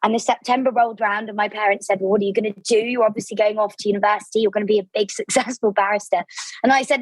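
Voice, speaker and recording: A woman in her twenties from Devon with an English accent, chatting as a guest author in a casual interview, bubbly and quick to laugh. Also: mid-range voice, steady tone, dry recording, rough recording. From Devon, southwest England. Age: 20s. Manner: bubbly and effusive, laughs often.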